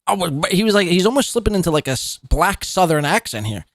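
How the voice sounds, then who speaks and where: A man's voice: high-pitched, big pitch swings, fast, dry recording, clean studio sound. Sarcastic male podcast host. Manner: sarcastic, mocking, laughs at what he reacts to. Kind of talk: mocking commentary.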